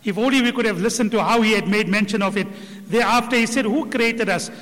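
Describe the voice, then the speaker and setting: A man's voice: high-pitched, fast, a bit bright, big-room sound. A man giving earnest religious commentary, reciting Arabic verses with emphasis. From Indian subcontinent. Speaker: religious speaker.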